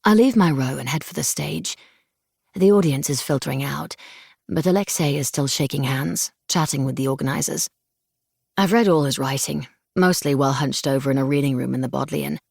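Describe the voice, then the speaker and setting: Audiobook narrator, woman, measured first-person read, husky, gravelly texture, dry booth. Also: low voice, a little mellow, no room sound. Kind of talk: scripted narration. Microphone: close studio mic.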